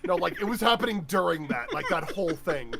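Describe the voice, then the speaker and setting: Excitable high-voiced man player. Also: fairly quick, creaky. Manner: excitable, often laughing, stammers when flustered. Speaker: tabletop game player. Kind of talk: animated tabletop game banter.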